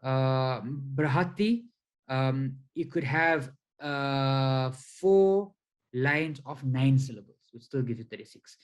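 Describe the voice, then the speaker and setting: A man giving a spiritual lecture over slides, explaining slowly and deliberately with frequent fillers. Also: mid-range voice, rough recording. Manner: counts syllables aloud one by one. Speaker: spiritual teacher.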